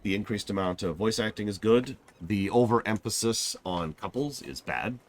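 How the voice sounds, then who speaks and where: A man's voice: on the low side, lively intonation, moderate pace. A man giving casual stream commentary as a game reviewer, blunt and sarcastic, acting out scenes with theatrical flair.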